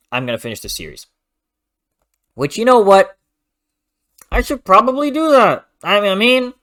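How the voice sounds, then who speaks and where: Animated man rambling in a book vlog. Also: fairly high pitch. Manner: animated, playful, rambling with self-corrections; frequent throat clearing. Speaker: book reviewer, channel host.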